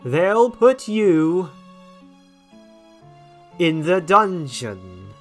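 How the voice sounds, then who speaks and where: A man voicing a flamboyant male robot TV star with a theatrical, drawn-out, mock-tragic delivery. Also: high voice, huge pitch swings, a bit bright, soft background music, pitched above the performer's own voice, exaggerated voice.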